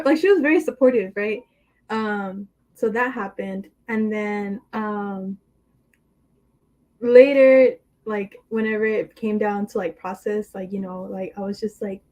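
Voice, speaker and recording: A young woman on a podcast as a guest, telling a story in a casual, animated way and acting out the voices of friends on a video call. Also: on the high side, moderate pace. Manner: animated, acts out quoted friends. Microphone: computer mic on a video call.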